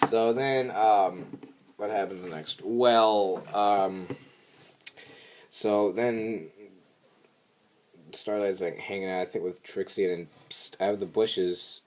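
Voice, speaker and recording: A man's voice: fairly even intonation, slow pace, pauses often, a little mellow. A young man, a regular vlogger, recapping a cartoon episode in a rambling, filler-heavy way. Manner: rambling, filler-heavy, squeaky voices for quotes.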